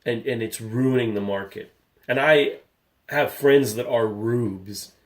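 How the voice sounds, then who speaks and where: A man's voice: medium pitch, slow, darkish tone. A man in his thirties, a comic book collector hosting a casual vlog, talking candidly in a rambling way and getting riled up. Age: 30s.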